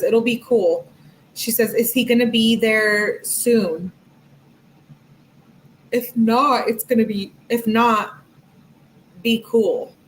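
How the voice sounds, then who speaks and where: A woman hosting a true-crime channel, reading text messages aloud in a plain voice and breaking in with quick, skeptical asides. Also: mid-range voice, slight background noise, low-quality recording.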